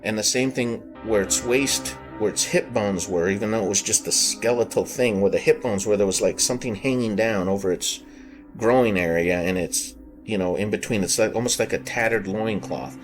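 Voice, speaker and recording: A man with a fairly low voice recounts a personal brush with the paranormal for his podcast. He talks earnestly, pausing and rephrasing as he searches for the right words. Clear music plays underneath him throughout. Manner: earnest, halting, circles back and rephrases. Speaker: podcast host. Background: background music.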